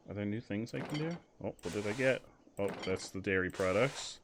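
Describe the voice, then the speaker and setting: A man's voice: fairly low pitch, animated, fairly quick, background noise. A man streaming a game, joking around and reading the on-screen text aloud with dramatic flair. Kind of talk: casual gameplay commentary.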